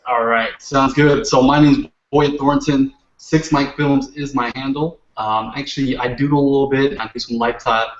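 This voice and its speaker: A man, a guest on a casual video call, relaxed and easygoing. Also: mid-range voice, normal speed, hardly any pauses. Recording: echoey distant call audio, lo-fi.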